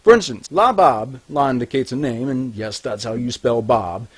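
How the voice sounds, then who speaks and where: A man narrating a language tutorial, scripted and deliberate, slowing down to enunciate example sounds clearly. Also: mid-range voice. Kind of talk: scripted instructional voice-over.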